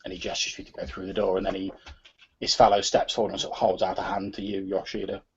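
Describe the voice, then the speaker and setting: A man narrating as game master of a tabletop game, soft-spoken and relaxed, with frequent fillers. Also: deep voice, quick pace, slightly rough. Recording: slightly muffled recording.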